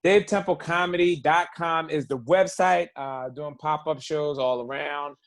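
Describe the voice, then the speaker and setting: Relaxed, slightly high-pitched comedian man. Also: a little slow. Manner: easygoing, plugging his shows. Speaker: comedian guest. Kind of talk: casual chat.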